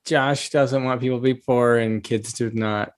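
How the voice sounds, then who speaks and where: A man's voice: mid-range voice, fairly even intonation, moderate pace, clear, resonant tone. A man moderating a podcast in casual chat, asking questions and chiming in with short agreements.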